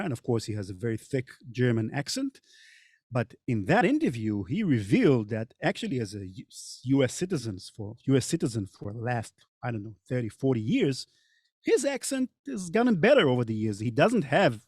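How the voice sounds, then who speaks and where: A man's voice: mid-range voice, darkish tone, no room sound, clean studio sound. A middle-aged man with a Hebrew accent hosts a podcast chat, talking in a thoughtful way with frequent hesitations. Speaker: podcast host and narrator. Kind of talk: casual panel chat. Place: recording studio.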